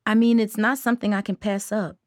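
A woman's voice: medium pitch, flat delivery, brisk, darkish tone, no echo, clean studio sound, natural voice. A woman voicing a nervous, hesitant teenage girl in a storybook reading. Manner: nervous, careful.

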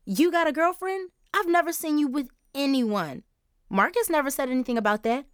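A woman voicing a bold, pushy teenage girl who talks high, brash and quick. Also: dry recording, studio quality, close to an everyday voice. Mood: indignant.

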